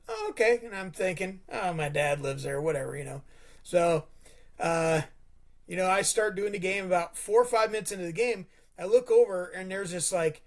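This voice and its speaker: A man co-hosting a sports podcast, telling a long, rambling story in a casual way, full of restarts and stammers. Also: sits high. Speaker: podcast co-host.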